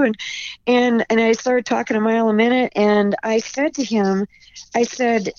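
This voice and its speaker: A woman's voice: mid-range voice, moderate pace, a little mellow, dry recording, lo-fi sound. A woman author, a podcast guest, telling a personal story in an earnest, emotional way with frequent restarts. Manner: tearful and earnest, with repeated restarts.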